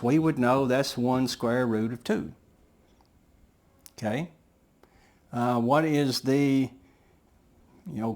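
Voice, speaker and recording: A man teaching a math lesson, talking patiently through each step of his working aloud. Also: medium pitch.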